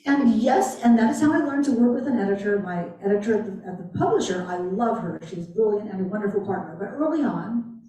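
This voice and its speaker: A woman author answering audience questions at a library talk, animated and emphatic, often repeating her phrases. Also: mid-range voice, a little fast. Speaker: guest author. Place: library event room. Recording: echoey room, distant mic.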